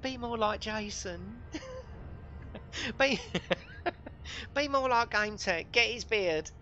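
A man putting on a high, teasing impression of a viewer's nagging wife. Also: slow pace, pushed and bright, highs cut off, exaggerated voice. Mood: mocking.

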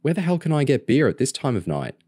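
A man's voice: mid-range voice, wildly swooping pitch, fast, mellow, no echo, clean studio sound, voice pushed up. A man voicing a blunt, exasperated teenage boy who looks out for his younger sister. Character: exasperated teenage boy, protective older brother.

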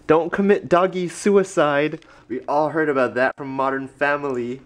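A man's voice: mid-range voice, lively intonation, measured pace, hardly any pauses. A young man vlogging casually, joking and talking to his dog in a playful baby-talk voice. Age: young adult. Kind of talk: casual vlog chat.

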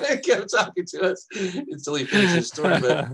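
A man's voice: a little high, sing-song, fairly quick, hardly any pauses, a bit bright, husky, low-quality recording. A man co-hosting a podcast, telling a long anecdote in a casual, rambling way, often laughing and quoting people. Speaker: podcast co-host. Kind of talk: casual storytelling chat.

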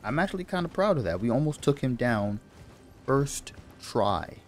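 Excitable man giving gameplay commentary. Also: medium pitch, normal speed, slight background noise. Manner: excitable, repeats himself, swears and laughs at the game. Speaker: gamer.

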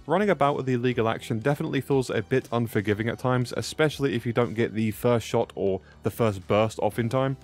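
A young man giving cheeky, self-mocking gameplay commentary as a gaming video host. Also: medium pitch. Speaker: gaming YouTuber.

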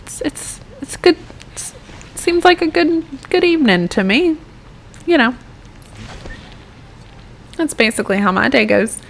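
A woman's voice: high-pitched, animated, measured pace, gravelly, pauses often, a little hiss or hum. Chatty, swearing American woman gamer. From United States. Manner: chatty and rambling, swears freely. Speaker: gaming YouTuber. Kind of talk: casual gameplay commentary.

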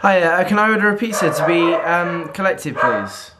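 A gushing, excitable young man, talking casually at home for his fitness vlog. His voice sits a little higher than most men's, and he rattles along in an eager, chatty way. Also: normal speed, very noisy. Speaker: fitness vlogger. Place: at home indoors.

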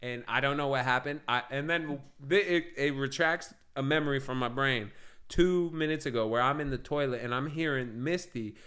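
A man's voice: medium pitch, moderate pace, fairly bright tone. A man co-hosting a podcast, telling a rambling story in casual chat, swearing and laughing as he acts out the dialogue. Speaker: podcast co-host.

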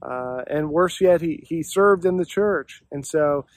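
A man's voice: on the high side, a little slow, no echo. A pastor giving an earnest, reflective devotional talk and posing questions to his listeners.

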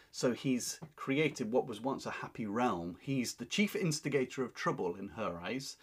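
A man's voice: fairly low pitch, slightly rough. A man teaching a lesson, explaining a play line by line in an emphatic, paraphrasing way. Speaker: literature teacher.

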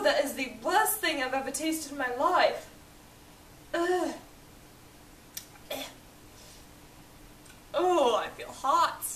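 A woman's voice: sits high, a bit bright, full character voice. A woman playing a spoiled, petulant young boy earl in a fan cosplay skit, with a whiny, ranting manner. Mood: disgusted. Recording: echoey room, voice from a distance, faint hiss.

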